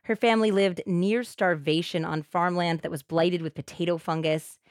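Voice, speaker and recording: Podcast co-host, woman, lowish voice, expressive true crime storyteller, dry close sound. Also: normal speed, no echo.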